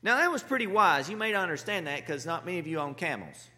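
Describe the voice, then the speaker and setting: A man's voice: fairly high pitch, very animated, fast talker, sharp tone. A man, a pastor, preaching a sermon with humorous, conversational storytelling. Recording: long hall reverb.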